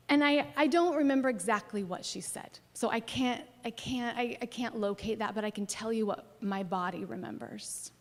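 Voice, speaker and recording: A woman pastor preaching a sermon, telling a personal story expressively and dropping at times to a soft near-whisper. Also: a little high, normal speed. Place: church sanctuary. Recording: long church hall reverb.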